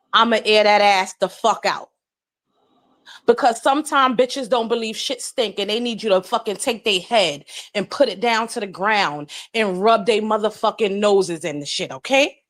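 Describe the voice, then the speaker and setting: A grown woman live-streaming, telling a long story in a blunt, profane and indignant way, with rapid run-on retelling. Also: fairly high pitch, a bit bright. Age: adult.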